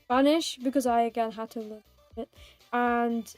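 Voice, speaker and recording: Woman, streamer, high voice, playful, giggly, rambling, teasing, dry close sound, faint music behind. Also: fairly even intonation, moderate pace, darkish tone, no room sound. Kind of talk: casual live-stream chat with viewers.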